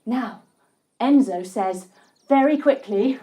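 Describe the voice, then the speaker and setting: A woman's voice: a little high, lively intonation, a little slow, dark tone. A woman leading a children's yoga lesson as a story, playful and encouraging. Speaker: kids' yoga teacher.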